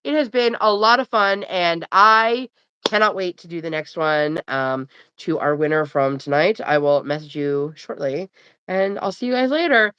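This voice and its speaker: A woman's voice: lowish voice, normal speed, a bit bright, smooth, no echo. A middle-aged woman hosting a casual live stream from home, rambling and sleepy, yawning between chatty remarks. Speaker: livestream host. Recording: dull, dry home mic.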